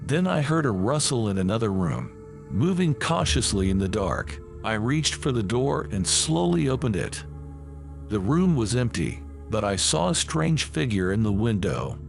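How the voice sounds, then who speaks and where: Give me a gravelly man telling a horror story in a lively voice over faint music. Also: mid-range voice. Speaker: narrator. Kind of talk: scripted horror narration.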